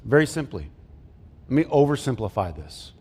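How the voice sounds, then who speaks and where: The long reverb of a church sanctuary surrounds a middle-aged male pastor whose medium-pitched voice is a little mellow and slightly rough, with big pitch swings at a moderate pace. His sermon is conversational, full of jokes and questions for the congregation.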